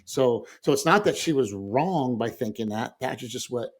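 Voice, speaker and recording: A middle-aged man telling family stories in casual conversation as a podcast guest, lively and chuckling often. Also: mid-range voice, moderate pace. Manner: animated storyteller who acts out quoted voices, with frequent fillers and chuckles.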